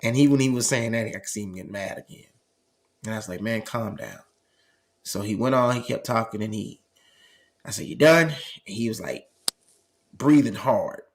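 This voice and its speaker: A man's voice: fairly low pitch, brisk, a little hiss or hum. Man telling a story in conversational talk. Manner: conversational, frequent "you know what I'm saying" asides, acts out dialogue. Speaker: host. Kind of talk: casual storytelling.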